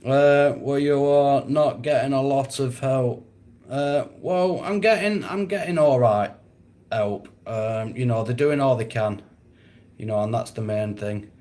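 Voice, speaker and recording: A male livestream host chats with viewers and reads their comments in a laid-back way, swearing and laughing often. His voice is medium-pitched, a little mellow and measured in pace.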